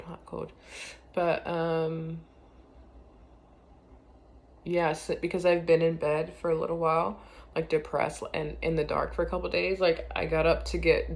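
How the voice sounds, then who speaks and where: A woman talking in a casual confessional vlog, rambling and hesitant with many fillers, often trailing off quietly. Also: sits low, vocal fry.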